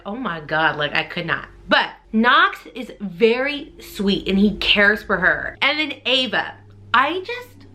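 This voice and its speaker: A woman's voice: mid-range voice, bright, forceful tone. A young woman, chatting casually in a book vlog, gushing and full of fillers. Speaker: book vlogger.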